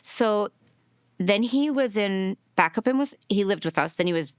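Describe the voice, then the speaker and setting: A middle-aged woman, a grieving mother, telling her story in a documentary interview, earnest and emotional, sometimes dropping to a soft near-whisper. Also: mid-range voice, expressive, normal speed, clean tone, no echo, studio quality.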